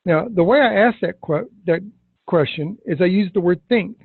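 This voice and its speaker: A man teaching sales technique in a webinar, emphatic, acting out scripted questions with deliberate pauses. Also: high-pitched, vocal fry, slightly rough, no room sound. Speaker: sales trainer. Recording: tinny phone-like webinar audio.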